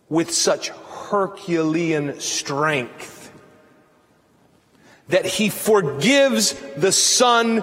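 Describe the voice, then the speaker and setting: A man with a high voice delivers a sermon at an unhurried pace, leaning hard on key words. His preaching swells toward near-shouts, and a long reverb from the church hall trails every phrase. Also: lively intonation. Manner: slow, emphatic preaching that rises to near-shouts. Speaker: priest.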